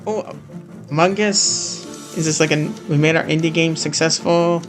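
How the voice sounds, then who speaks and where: A man's voice: fairly high pitch, fairly even intonation, moderate pace, music in the background. A man casually commenting on a live showcase as he streams, rambling and hesitant. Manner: rambling, hesitant, talks over the broadcast.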